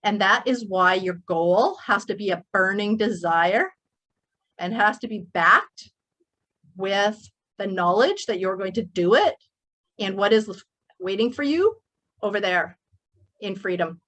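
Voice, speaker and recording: A woman's voice: medium pitch, lively intonation, measured pace, pauses often, fairly bright tone. Middle-aged woman hyping up her workshop crowd, preachy and emphatic, all in on it. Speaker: motivational workshop speaker. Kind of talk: motivational speech. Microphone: speaking to a live online group.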